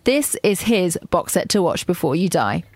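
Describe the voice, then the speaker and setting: A woman's voice: on the low side, big pitch swings, normal speed, darkish tone, no room sound, clean studio sound. A woman co-hosting a radio show, chatty and bubbly, laughing easily as she links items. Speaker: radio co-host. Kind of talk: casual chat and show links.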